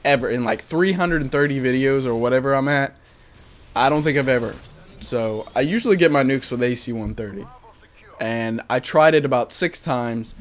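A young man talks over his gameplay footage in a relaxed, offhand voice-over. His voice sits at an everyday middle pitch. He swears freely, jokes and pokes fun at himself as he narrates. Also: normal speed. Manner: candid, profane, joking, self-mocking. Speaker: gaming commentator. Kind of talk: casual voice-over commentary on gameplay.

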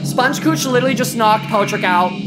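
A young woman streaming a game live, chatting to her viewers with loud, slangy, profane outbursts over game music. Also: a little high, brisk.

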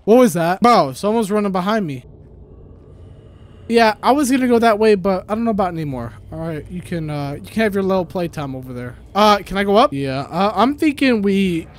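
A man's voice: high-pitched, lively intonation, fairly quick. A young man giving casual, jumpy gameplay commentary, full of slang, gasps and exclamations. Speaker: gaming video creator.

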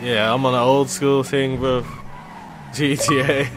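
A young man with a London accent giving casual commentary over a game, slangy and joking, jumping from mutters to loud shouts. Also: medium pitch, unhurried, noisy background. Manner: loud swings into shouted excitement, slangy banter. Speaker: gaming YouTuber. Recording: music playing behind the voice.

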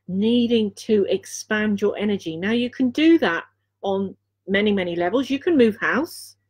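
A woman's voice: mid-range voice, lively intonation, a little mellow, breathy edge. Earnest woman giving an intuitive reading. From Dorset, England. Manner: earnest, repeats key phrases, frequent filler pauses. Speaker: intuitive reader and healer. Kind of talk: live intuitive card reading.

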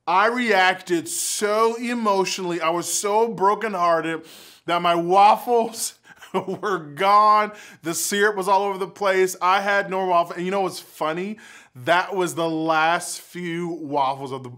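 A young adult man speaking as a youth leader to camera, telling stories in an excitable, animated way. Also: high voice, a little slow. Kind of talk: casual youth talk to camera.

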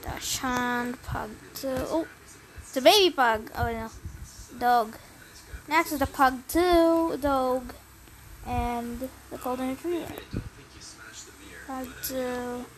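High, unhurried young woman gaming. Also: slight background noise, rough recording. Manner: chatty, easily flustered, talks to herself. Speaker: game streamer. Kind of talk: casual gameplay commentary.

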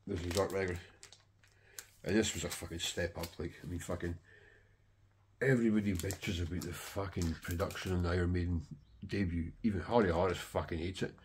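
A man's voice: sits low, fairly even intonation, brisk, a little hiss or hum. A middle-aged man and record collector chatting casually to camera, rambling and swearing heavily with enthusiasm.

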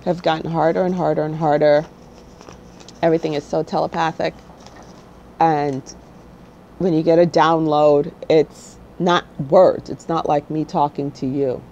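A woman's voice: low voice, steady tone, a little slow, dark tone, highs cut off, a little hiss or hum. A woman hosting her own spiritual channel, talking straight to the viewer in a blunt, no-nonsense way and often checking in with "okay?". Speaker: spiritual guide and channel host. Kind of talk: casual spiritual talk to camera.

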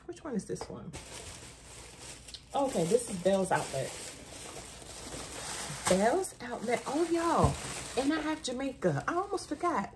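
Middle-aged woman vlogger, bubbly storyteller, swooping lively pitch, faint room hum behind. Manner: chatty, animated storyteller, says "y'all" often. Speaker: haul vlogger. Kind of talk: casual haul chat to camera.

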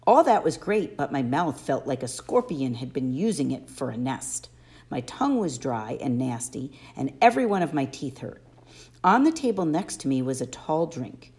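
A woman narrating an audiobook in an expressive first-person storytelling manner. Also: low voice, moderate pace. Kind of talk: audiobook reading.

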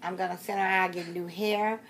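A woman's voice: lowish voice, steady tone, moderate pace, creaky. Chatty woman in her sixties, rambling. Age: 60s. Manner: chatty, repeats herself, trails off with fillers. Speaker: reborn doll collector vlogger. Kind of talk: casual rambling vlog talk.

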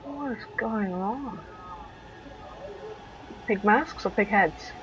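A woman's voice: mid-range voice, very slow, dull audio. Jumpy woman playing a horror game. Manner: talks to herself, swears, jumpy and exclaiming. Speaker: let's play host.

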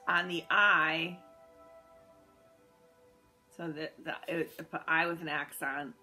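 Low-voiced woman teaching step by step. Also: slow pace, faint music behind, poor audio. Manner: spells out words letter by letter, patient and methodical; relaxed with fillers and self-corrections. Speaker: Spanish teacher. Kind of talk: guided notes lesson.

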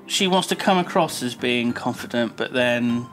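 A man hosting a let's play, reading a story game aloud with playful, jokey commentary and hushed mock narration. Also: medium pitch, expressive, normal speed, faint music behind.

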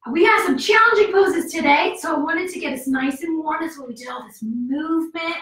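A woman with a high voice leads a kids yoga class in an upbeat, coaxing way, counting out the moves and cheering. She is a little out of breath from the exercise. Her voice comes from some distance off in an echoey room. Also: a little fast, fairly bright tone.

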